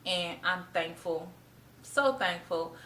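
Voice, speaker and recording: A woman's voice: lowish voice, expressive, slow pace, sharp tone, low-quality recording. A young woman vlogging to camera, a former teacher telling her story in a heartfelt, chatty way. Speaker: vlogger, former middle school art teacher. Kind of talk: casual talk to camera.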